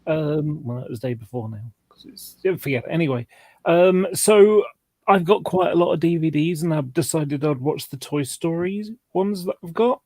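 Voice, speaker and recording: Higher-voiced man, dry sound. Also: normal speed, dark tone, no room sound. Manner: rambling, self-correcting. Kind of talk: casual group chat.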